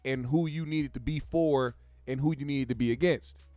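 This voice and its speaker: A man's voice: medium pitch, fairly even intonation, normal speed, darkish tone, no echo, faint music behind. A young man hosting a casual pop-culture commentary show, talking in a profane, rambling way with frequent restarts. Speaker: host.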